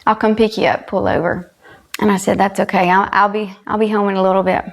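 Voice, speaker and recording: A woman's voice: mid-range voice, flat delivery, quick pace. A woman from South Carolina with a Southern US accent, earnestly telling a personal story as a guest and retelling dialogue. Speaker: guest, country singer.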